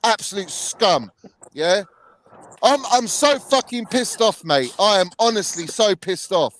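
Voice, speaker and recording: A man's voice: high-pitched, animated, unhurried, fairly bright tone, slight background noise. A young man hosting a heated live chat, ranting angrily, swearing and saying "bruv" a lot. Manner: angry, sweary, repeats "bruv" often. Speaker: channel host.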